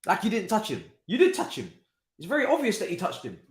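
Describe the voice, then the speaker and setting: A young man reacts out loud to a football match, his voice set a little high and leaping wildly up and down as he exclaims and swears. The sound is roomy, with a clear echo off the walls. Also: huge pitch swings, fast. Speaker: football watchalong host. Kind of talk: live football watchalong reaction.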